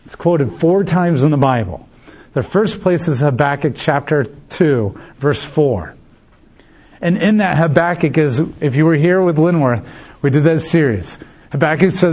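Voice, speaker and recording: A man's voice: on the high side, a little slow, a little mellow, slightly rough, muffled recording. A male pastor preaching a sermon emphatically, repeating key phrases and acting out short dialogues.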